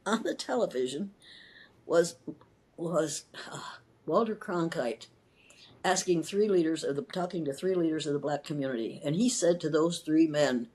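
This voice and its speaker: A woman's voice: deep voice, normal speed, a little mellow, breathy edge. An older woman from Iowa, a retired schoolteacher telling her story in an interview, impassioned and emphatic, repeating words and restarting sentences. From Iowa, USA.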